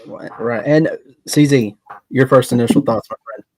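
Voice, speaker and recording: A man with a Kentucky Southern accent hosting a casual round-table chat, talking in an animated, folksy, ranting way. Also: mid-range voice, measured pace. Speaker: podcast host.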